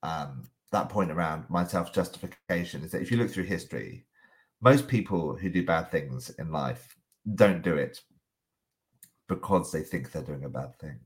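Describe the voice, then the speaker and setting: A man's voice: extremely low pitch, normal speed. A middle-aged man with a cold, talking in a thoughtful, hesitant way in a reflective conversation. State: has a cold, coughing.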